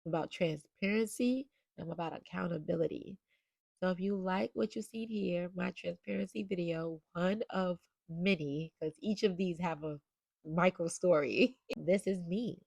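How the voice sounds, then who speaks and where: A woman's voice: lowish voice, moderate pace, creaky, darkish tone, slightly rough, no room sound. A woman talking in a casual, confessional vlog as a motivational speaker and mom coach, earnest and emotional, rambling with many fillers.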